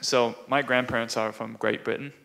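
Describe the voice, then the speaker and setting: A man's voice: mid-range voice, fairly even intonation, normal speed, vocal fry, fairly bright tone, slight background noise. A twenty-year-old man with a Canadian accent, asking a hesitant question from the audience. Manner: hesitant, with fillers.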